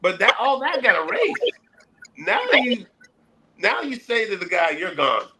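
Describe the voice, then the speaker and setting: Animated high-voiced American man. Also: measured pace, slight background noise, low-quality recording. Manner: animated, acts out quotes in put-on voices. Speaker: podcast co-host. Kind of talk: casual sports chat.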